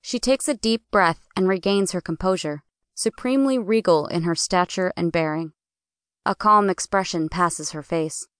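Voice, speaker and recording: Smooth, dry audiobook narrator, woman. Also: on the low side, dry recording. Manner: clear, measured storytelling. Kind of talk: first-person audiobook narration.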